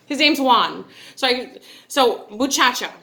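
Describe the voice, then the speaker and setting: Here the same kind of speaker, a thirtysomething vlogger from upstate New York, tells a personal story casually, chatty and digressive, with frequent asides to viewers. Her pitch sits high, her intonation is lively, and she speaks slowly with a fairly bright tone.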